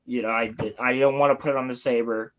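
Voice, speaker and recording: A young man hosting a livestream from home, telling a story in an excited, rambling way with casual swearing. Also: medium pitch, quick pace. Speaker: livestream host. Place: home, building Lego on stream.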